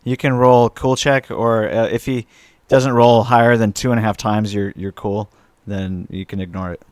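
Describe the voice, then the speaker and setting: A man acting as game master, explaining rules with halting restarts. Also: lowish voice, fairly even intonation, a little mellow, dry recording. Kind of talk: running a tabletop role-playing game.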